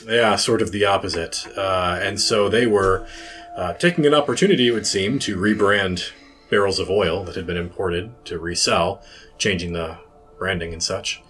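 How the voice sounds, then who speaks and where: Very deep male player, measured and dry. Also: a bit bright, soft background music. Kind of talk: tabletop role-play.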